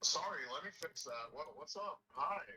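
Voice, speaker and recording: Young man on a call, deadpan joker, bright tone. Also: a little high, normal speed, slightly rough. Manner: joking, deadpan. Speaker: caller on a voice call. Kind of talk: casual chat.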